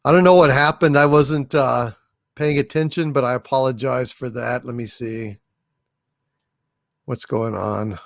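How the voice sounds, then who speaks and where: A man's voice: mid-range voice, steady tone, unhurried, creaky, dry recording, studio quality. A man hosting a casual livestream, chatting and thanking viewers for their messages. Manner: chatty and appreciative, thanks viewers warmly and often. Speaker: livestream host.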